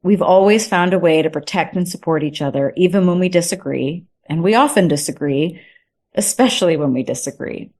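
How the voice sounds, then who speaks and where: A woman reading a passage from an essay in a soft, tender way. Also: lowish voice, fairly quick.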